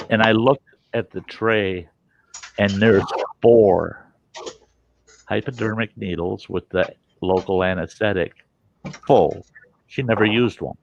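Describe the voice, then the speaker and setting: A low, gravelly man spins a casual story with plenty of swearing and acts out every character in it. The audio is dull and lo-fi, with faint noise under the voice. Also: a little slow, long pauses. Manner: animated, profane, acts out the people in his story. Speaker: host telling a story.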